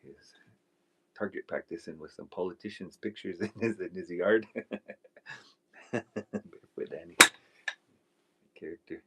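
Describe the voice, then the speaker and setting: A man's voice: deep voice, a little slow, pauses often, very noisy. A man hosting a live stream, chatting casually and telling rambling folksy stories while he works, laughing often. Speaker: livestream host.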